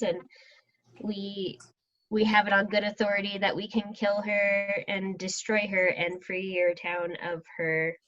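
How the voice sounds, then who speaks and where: A woman talks slowly as a player in a tabletop game, rambling with frequent fillers. Her audio comes through dull and lo-fi over a video call. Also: fairly low pitch, fairly bright tone.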